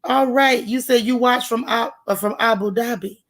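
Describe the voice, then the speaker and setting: A woman's voice: fairly high pitch, fairly even intonation, moderate pace. A woman hosting a live gossip show, chatting casually and greeting viewers one by one in a folksy way. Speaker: livestream gossip show host.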